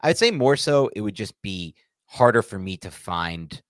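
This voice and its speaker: In casual sports banter on a podcast, a male co-host speaks at normal speed in a lowish, sing-song voice with no echo. He's frank and lively, and he performs quotes.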